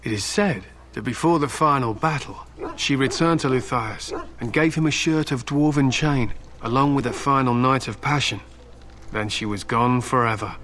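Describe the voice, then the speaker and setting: A proud, stern warrior from a video game, played by a man, with a bright, forceful edge to his voice. He speaks solemnly of old legends and turns blunt and threatening without raising his tone. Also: mid-range voice, normal speed, natural voice. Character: stern proud male warrior, hound handler.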